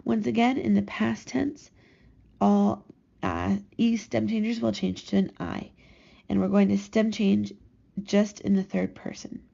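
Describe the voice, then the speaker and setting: Slow, gravelly woman teaching grammar. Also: mid-range voice, steady tone, dark tone. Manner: slow, careful, drawn-out modeling of conjugations. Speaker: Spanish teacher. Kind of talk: recorded grammar lesson. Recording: slightly dull lo-fi recording.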